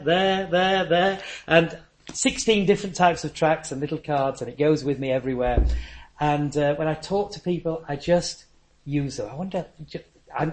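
An older man, preaching a sermon with earnest, anecdotal storytelling. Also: a little high.

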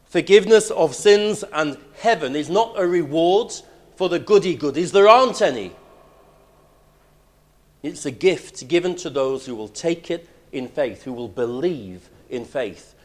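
Guy preaching a sermon, emphatic, goes loud then real quiet. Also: fairly high pitch, lively intonation, measured pace. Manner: emphatic preaching, swinging between loud declarations and hushed lines.

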